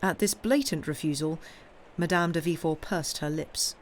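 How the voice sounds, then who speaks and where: A woman narrating a classic novel live in a slow, measured reading voice. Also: low-pitched, a little hiss or hum. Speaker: audiobook reader. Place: home streaming setup.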